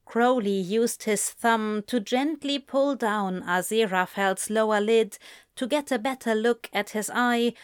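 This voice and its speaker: A woman reading romance fan fiction aloud in slow, gentle narration. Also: a little high, smooth, no room sound, clean studio sound. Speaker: audiobook reader.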